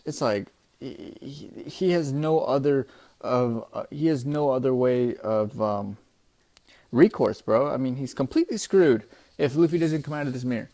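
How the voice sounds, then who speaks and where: A young man recapping a comic chapter in a casual, excitable, profane way, often calling his listeners "bro". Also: medium pitch, normal speed. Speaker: manga chapter reviewer.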